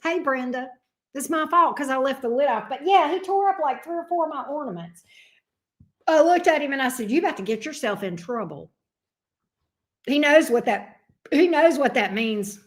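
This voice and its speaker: A woman hosts a tarot livestream in a loose, chatty way. Her voice sits a little high for a woman. She drifts into playful, fond asides as she talks. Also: moderate pace. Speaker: tarot reader and channel host. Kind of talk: casual livestream chat.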